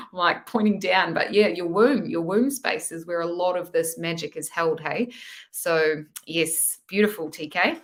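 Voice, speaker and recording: A woman hosting a live-stream tarot reading, who chats affectionately with viewers, calls them "my love" and often ends lines with "hey?". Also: lowish voice.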